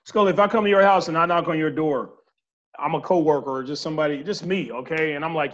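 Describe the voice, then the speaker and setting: A man's voice: a little high, quick pace, dull audio. Blunt profane male podcast host. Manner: blunt, profane, pushes hypotheticals. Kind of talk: casual podcast chat.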